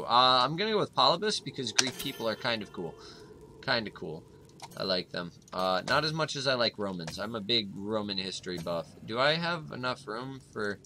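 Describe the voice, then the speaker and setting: A man hosting a gaming channel, chatting casually and rambling with lots of filler, breaking into sudden excited outbursts while he plays. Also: fairly low pitch, slight background noise. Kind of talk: casual let's-play commentary.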